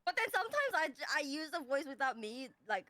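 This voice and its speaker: A woman co-hosting a casual stream chat, laughing often and talking in an animated way. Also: sits high, brisk, no echo, studio quality. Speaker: streamer co-host.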